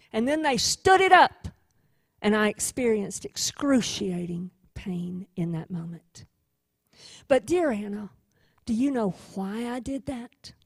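Woman doing a hushed, tender savior. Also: high-pitched, no room sound, pitched above the performer's own voice. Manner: hushed, tender, half-whispered. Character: gentle male defense attorney, Christlike savior.

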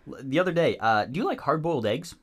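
A young man co-hosting a podcast in casual chat, laid-back and quick to laugh, bringing up topics from his notes. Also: fairly high pitch, lively intonation, slightly rough. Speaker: podcast co-host.

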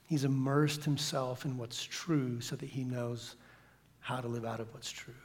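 A man giving a sermon as a guest pastor, speaking dramatically and dropping from loud declarations to a hushed whisper. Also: medium pitch, steady tone, a little slow. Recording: long reverb of a church hall.

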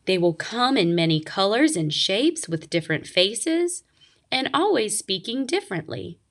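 A woman voicing a wise ancient female turtle in a storybook reading, speaking slowly and gently. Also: lowish voice, heavily acted.

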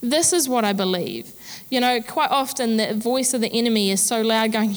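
Casting: woman pastor, a bit high-voiced, frank and funny, in a reverberant church hall. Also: normal speed. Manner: candid, chatty, self-deprecating humor. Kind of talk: sermon.

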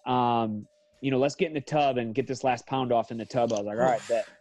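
A man's voice: medium pitch, fairly even intonation, fairly quick, a little mellow, dry recording, soft background music. Profane, rambling man telling a fight story. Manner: profane, rambling, corrects himself often. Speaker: guest, MMA fighter. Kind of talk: casual podcast storytelling.

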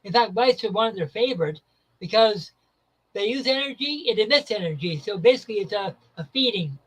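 A man from Canada, a psychic medium guest on a chat show, talking in a halting way and stumbling over words. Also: high voice, lively intonation, fairly bright tone, poor audio. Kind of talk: casual chat.

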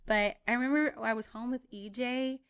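Animated woman telling a story. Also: a little high, moderate pace, clear, resonant tone. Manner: animated storytelling, lots of "like" and swearing. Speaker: podcast co-host. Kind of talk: casual chat.

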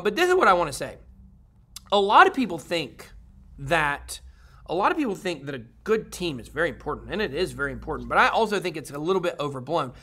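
A man's voice: on the high side, pushed and bright. A man hosting a crypto video, talking casually to viewers in a rambling, upbeat way with many fillers and restarts.

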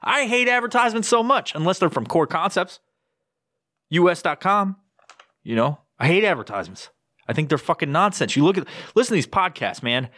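A man's voice: high voice, animated, fairly quick, bright, forceful tone, no room sound, studio quality. A man hosting his own podcast, rambling through sponsor plugs in a crude, swear-heavy casual monologue. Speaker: podcast host.

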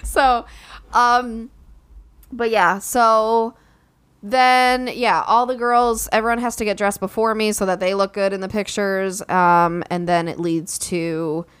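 A young woman recounts a story in a loose, chatty way, filling her sentences with "like". Her voice is smooth and clean, and she often turns to address her listeners directly. She speaks at an ordinary middle pitch. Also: slow. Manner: animated storytelling, lots of "like" fillers. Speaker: podcast co-host and recent bride. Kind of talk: casual chat.

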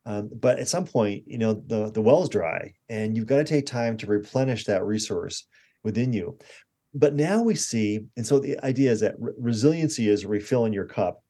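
Storytelling man in his sixties, mellow. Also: on the low side, normal speed. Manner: animated anecdotes with acted-out quotes. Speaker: guest expert. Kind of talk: conversational interview storytelling.

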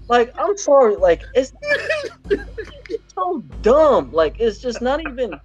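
A man's voice: extremely high pitch, takes it slowly, muffled recording, soft background music. A man co-hosting a podcast, ranting and swearing in a casual chat. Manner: animated, profane ranting. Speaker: podcast co-host.

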